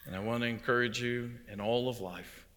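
A visiting pastor preaches emphatically, his intensity swelling and falling away. His voice is medium-pitched and a little bright, with a steady tone and a slightly quick pace. A long hall reverb surrounds the recording.

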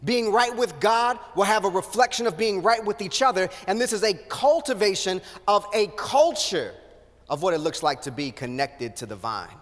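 Pastor guy preaching on a handheld mic, slangy and earnest, bright fairly high voice, long church reverb. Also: expressive, normal speed. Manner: earnest, conversational slang storytelling. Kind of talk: sermon. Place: church sanctuary. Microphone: handheld microphone.

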